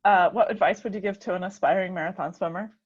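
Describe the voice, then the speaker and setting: Husky woman host with a lively, varied pitch, heard through muffled lo-fi audio. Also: quick pace. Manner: brief encouraging responses. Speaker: podcast host. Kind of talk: conversational interview.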